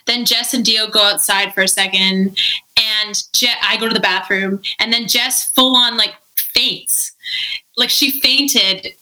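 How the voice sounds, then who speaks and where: A woman telling a story in a casual chat, animated and laughing often, with lots of "like". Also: medium pitch, a little slow, low-quality recording. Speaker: podcast guest.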